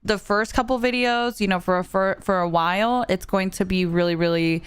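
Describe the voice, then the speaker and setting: A woman's voice: medium pitch, moderate pace, smooth, no echo. Chatty young woman streamer. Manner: chatty, animated storytelling with frequent "like". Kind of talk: casual chat while gaming.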